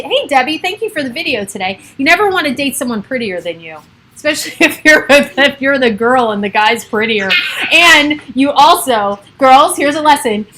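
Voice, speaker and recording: A woman's voice: on the high side, a bit bright, slight background noise, poor audio. A middle-aged woman hosting a casual livestream from her home, rambling and chatty, laughing often. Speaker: livestream host. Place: home with children and pets around.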